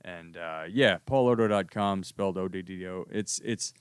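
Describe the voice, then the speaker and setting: A man's voice: deep voice, moderate pace, clean tone, no echo, studio quality. A man guesting as a comedian, chatting in a rambling, profane way and laughing often. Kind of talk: casual chat.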